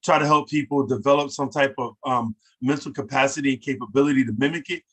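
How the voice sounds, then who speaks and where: A husky-voiced man leads a casual language lesson at an ordinary pitch. He repeats each word slowly and overstresses the sounds so learners can copy them. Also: a bit bright. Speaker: language teacher.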